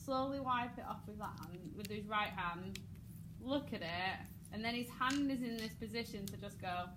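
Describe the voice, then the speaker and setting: An English woman teaching a drama lesson, acting out lines with sudden shouts and laughing often. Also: medium pitch, moderate pace, noisy background.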